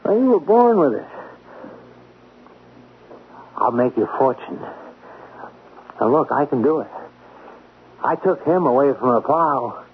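A man's voice: medium pitch, animated, a little slow, pauses often, slight background noise. An actor playing a drunk, obsessive man in a 1970s radio drama, rambling and pleading. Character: drunk, obsessive man, talent manager type. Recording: narrow lo-fi vintage radio broadcast.

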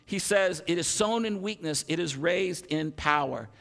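A man in his fifties preaching a sermon, animated, with frequent restarts and self-deprecating humor. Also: on the high side, unhurried, gravelly. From Ohio, USA. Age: 50s. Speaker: pastor. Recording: long hall reverb.

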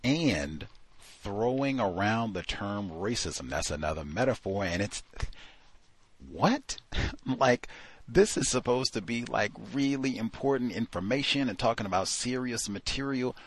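A man's voice: mid-range voice, breathy edge, dry recording. A man hosting a talk show, giving an exasperated, sarcastic review of a book, full of fillers like "uh" and "like.". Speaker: podcast host. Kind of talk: critical book review commentary.

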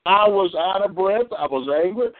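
A man's voice: sits high, expressive, moderate pace, no echo. A man preaching over a phone call, telling a story and restarting his words often. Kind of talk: preaching testimony. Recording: tinny phone line, dry.

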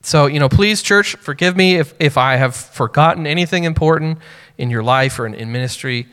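A man's voice: a little high, fairly quick, fairly bright tone, clear, resonant tone. A man in his thirties preaching a sermon as a pastor, speaking earnestly and personally in a conversational way with many fillers. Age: 30s. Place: church sanctuary. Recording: long hall reverb.

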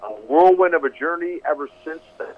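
A man, a preacher appearing as a guest, earnestly tells his testimony over a phone line in a voice on the high side, expressive and brisk. He frequently restarts and repeats words, with a loud crowd audible.

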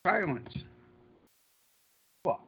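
A man's voice: drawn-out words, fairly bright tone, no room sound. A man ranting angrily and profanely about politics as a podcast co-host, repeating himself as he goes. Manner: angry, profane, repetitive. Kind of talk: heated political rant. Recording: dull, dry lo-fi sound.

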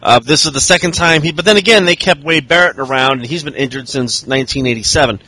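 A man's voice: on the high side, fast talker, pushed and bright, dry recording, poor audio. A man hosting a podcast, recapping wrestling in a crude, profane, rambling way and slipping into mocking voices. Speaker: podcast host. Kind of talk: casual crude comedic recap chat.

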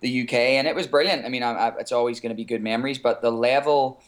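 An Irish man from Ireland, calling in as a guest singer and chatting in an easygoing way, chuckling and pausing on fillers. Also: mid-range voice. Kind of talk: casual call-in chat.

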